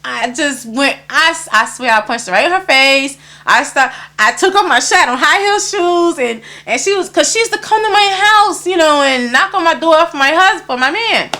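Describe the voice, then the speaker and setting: High, bright-voiced woman telling a story. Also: normal speed, few pauses. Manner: animated, acts out others' lines in quotes, frequent swearing. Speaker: interview guest. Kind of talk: casual storytelling.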